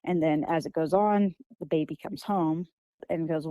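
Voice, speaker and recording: A young woman, a children's author appearing as a guest, answers interview questions casually and hesitantly, with many fillers and restarts. Her deep, dark voice holds a steady tone at a moderate pace, on poor, echo-free audio.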